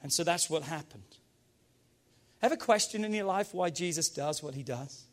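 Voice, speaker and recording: High-voiced man preaching with fervor. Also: moderate pace. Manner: energetic, emphatic preaching with call-and-response urging. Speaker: pastor. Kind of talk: sermon.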